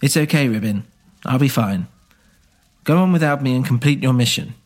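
A man voicing a resolute knight who speaks calmly and firmly in a scripted audio drama. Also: mid-range voice, moderate pace, close to an everyday voice. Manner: calm, resolute.

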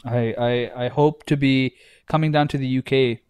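A man's voice: medium pitch, fairly even intonation, moderate pace, darkish tone, clean tone, dry recording. A young man co-hosting a casual podcast, joking and swearing, laughing often. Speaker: podcast co-host. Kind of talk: casual banter.

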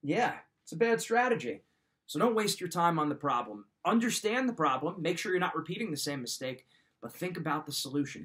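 A man's voice: fairly high pitch, a bit bright. Man coaching in a direct, repetitive way. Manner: direct, coaching, repeats key points. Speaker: podcast host giving life advice. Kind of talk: motivational talk.

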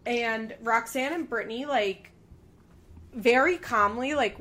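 A woman's voice: fairly high pitch, takes it slowly, pushed and bright. A woman co-hosting a casual chat, animatedly retelling scenes with lots of filler words. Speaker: podcast co-host recapping a reality show.

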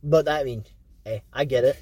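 A man's voice: mid-range voice, moderate pace, a little mellow, recorded from a distance, slight background noise. A man co-hosting a podcast, talking casually and hesitantly about movies, often stammering. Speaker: podcast co-host. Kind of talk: casual movie review chat.

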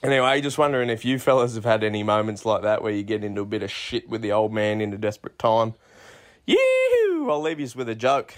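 A man's voice: on the low side, fairly even intonation, quick pace, hardly any pauses. Crude, yarn-spinning Australian man. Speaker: caller. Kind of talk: recorded voicemail storytelling.

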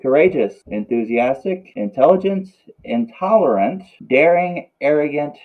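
A man's voice: on the high side, lively intonation, a little slow. A man co-hosting a casual podcast, reading zodiac traits aloud with playful jokes and asides. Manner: joking, reads lists with playful asides. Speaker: podcast co-host. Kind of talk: casual chat. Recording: phone-like lo-fi audio.

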